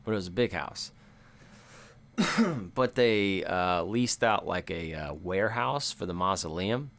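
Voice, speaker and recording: A man chats casually on a horror podcast in a fairly low voice. He laughs often and jumps into lively impressions of movie dialogue. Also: unhurried. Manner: laughs often, animated mimicking of movie lines. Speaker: podcast co-host. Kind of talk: casual chat.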